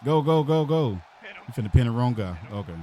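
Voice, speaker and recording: Loud, excitable young man calling a match. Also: mid-range voice, brisk. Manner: loud, excitable, repeats lines over and over, heckles the players. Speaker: host and commentator of an online wrestling league. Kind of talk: hype play-by-play commentary on a video game match.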